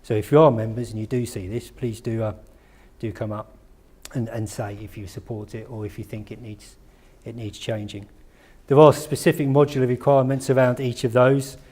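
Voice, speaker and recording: A man's voice: medium pitch, level tone, normal speed, a little mellow. A man giving a conference presentation, chatty and conversational, asking the audience questions and joking at his own expense. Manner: conversational, asks the audience questions, self-deprecating asides. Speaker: conference speaker. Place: conference room.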